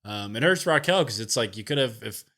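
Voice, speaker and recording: A man's voice: mid-range voice, expressive, a little fast, sharp tone. A man co-hosting a wrestling podcast, giving his opinions casually and thinking aloud. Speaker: podcast co-host.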